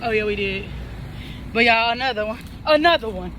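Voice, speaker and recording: A woman's voice: on the high side, brisk, fairly bright tone, slight background noise. A young woman chatting casually to her viewers in a vlog, repeating phrases and calling them y'all, recorded outdoors on a phone camera. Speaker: vlogger.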